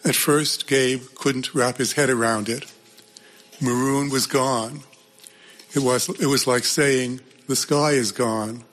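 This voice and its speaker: A man narrating a story in a measured, plain storytelling manner. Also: medium pitch, little pitch movement, fairly bright tone. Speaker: audiobook narrator.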